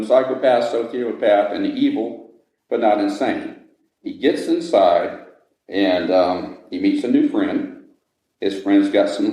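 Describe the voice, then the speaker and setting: A man with a low, mellow voice tells a ghost story slowly and dramatically for visitors to an old jail. His words ring in a hard, echoey stone room. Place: old jail building, indoors.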